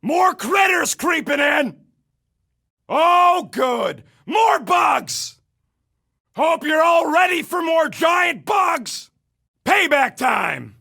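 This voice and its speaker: An actor playing a gruff, wisecracking male raccoon gunner in a video game, yelling brash, sarcastic combat callouts. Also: very high voice, very animated, extremely slow, exaggerated voice. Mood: cocky banter.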